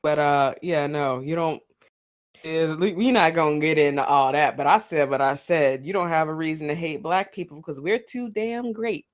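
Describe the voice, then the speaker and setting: A woman's voice: sits low, normal speed. A woman co-hosting a podcast, chatting casually and frankly with easy laughs. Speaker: podcast co-host.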